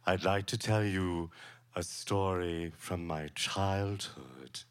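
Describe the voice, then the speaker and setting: A man from Georgia telling a childhood story in a calm, measured way. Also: low voice, clean tone. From Savannah, Georgia. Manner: slow, measured and deliberate.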